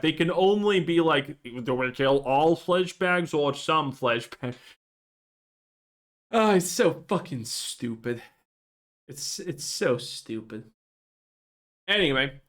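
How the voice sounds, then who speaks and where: High, animated man ranting sarcastically. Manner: exasperated, profane, sarcastic. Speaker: gaming video creator. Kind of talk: sarcastic game review rant.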